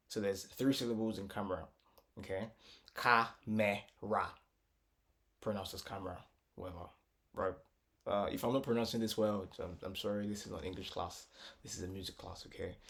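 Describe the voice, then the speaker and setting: A man with a low, creaky voice gives a casual music tutorial, walking through it step by step with plenty of repetition and filler words. Now and then he breaks into short sung phrases.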